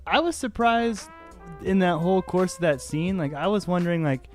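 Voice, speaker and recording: Guy on a movie podcast, rambly and excited, says like a lot, faint music in the back. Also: high-pitched, normal speed. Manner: rambling, enthusiastic, lots of "like". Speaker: podcast co-host. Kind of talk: casual movie review chat.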